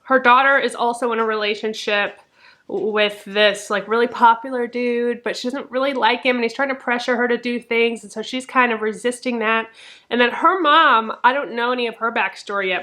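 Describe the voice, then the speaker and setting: Young woman, book vlogger, crisp bright voice, casual and profane. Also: a little high. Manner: chatty, peppered with "like", swears freely. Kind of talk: casual book review chat.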